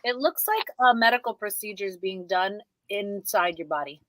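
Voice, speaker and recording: A woman's voice: mid-range voice, normal speed, fairly bright tone, dry recording. Chatty woman co-host, dry close sound. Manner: chatty, playful, enthusiastic. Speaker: radio co-host. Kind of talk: casual livestream chat.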